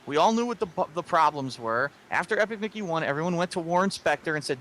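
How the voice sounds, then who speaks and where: A man's voice: high voice, expressive, fast, hardly any pauses, a bit bright, slight background noise. A man talking in an opinionated gaming discussion, emphatic and ranting. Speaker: co-host of a gaming video.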